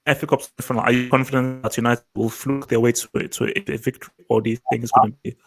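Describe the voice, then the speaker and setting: A man's voice: medium pitch, level tone, fast, fairly bright tone. A man hosting a casual football podcast, reading viewer comments and questioning a co-host in a playful mock-serious way.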